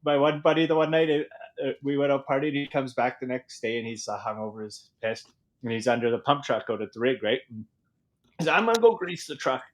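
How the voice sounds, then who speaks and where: A man, a podcast guest telling oilfield party stories in an animated, profane way, laughing as he talks. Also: medium pitch, fairly quick. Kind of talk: casual storytelling.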